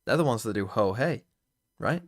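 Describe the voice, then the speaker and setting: A man's voice: mid-range voice, expressive, moderate pace. A man streaming casually, muttering to himself and swearing often as he plays along. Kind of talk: casual live-stream commentary.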